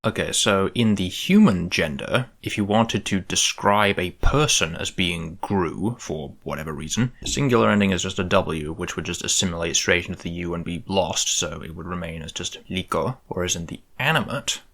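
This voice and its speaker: A man with a very deep voice talks through a tutorial as if thinking aloud. He sounds musing and tentative and often corrects himself mid-thought. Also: animated, moderate pace, hardly any pauses, a bit bright. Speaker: conlang creator.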